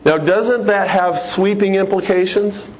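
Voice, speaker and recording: Middle-aged man, slightly high pitch, conversational talk full of rhetorical questions, faint noise. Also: measured pace, rough recording. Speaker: speaker. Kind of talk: informal talk on religion and history.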